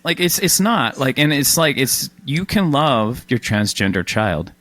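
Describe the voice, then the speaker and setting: Lively, bright-voiced man chatting casually. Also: mid-range voice, no echo. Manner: animated, quick asides, self-deprecating. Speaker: podcast host. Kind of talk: casual chat.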